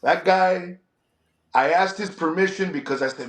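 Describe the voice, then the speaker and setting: An animated middle-aged man, talking a bit high for a man and peppering his chat with Spanish slang. He sounds like a wrestler holding forth in an interview. The recording has a roomy echo. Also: normal speed. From San Antonio, Texas. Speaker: wrestler and show promoter. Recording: echoey room.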